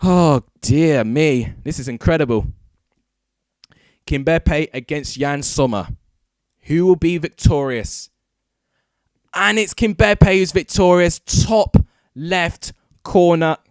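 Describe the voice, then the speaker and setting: Excitable man doing live football commentary. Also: a little high, takes it slowly, pauses often, dry recording, clean studio sound. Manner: excitable, erupting into shouts at goals. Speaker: football watchalong host. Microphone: desk microphone.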